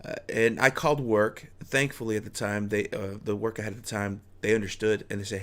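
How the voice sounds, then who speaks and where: A man's voice: on the low side, normal speed, fairly bright tone. A man casually telling a personal story, rambling with restarts and chuckles.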